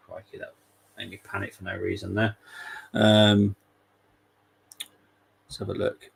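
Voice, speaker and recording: A man's voice: lowish voice, flat delivery, measured pace, creaky, pauses often, slightly rough, low-quality recording. A man hosting a live football watchalong, chatting casually and wryly and laughing often. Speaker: fan channel host.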